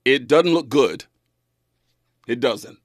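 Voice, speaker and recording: A man in his twenties hosting a talk radio show, animated and folksy, laughing often. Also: mid-range voice, slow pace, no room sound, studio quality. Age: 20s.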